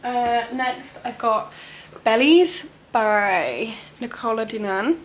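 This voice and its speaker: A woman's voice: fairly high pitch, lively intonation, slow pace, a little hiss or hum. A young woman talking casually about books she plans to read, rambling with lots of "um" and "like". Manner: rambling, many "um" and "like" fillers. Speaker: book vlogger.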